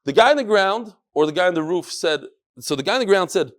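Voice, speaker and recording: Man, high-pitched, yeshivish English accent, animated Talmud class, acts out dialogue. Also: fast talker. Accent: yeshivish English with Hebrew and Yiddish terms. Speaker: Talmud teacher. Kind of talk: Daf Yomi Talmud class.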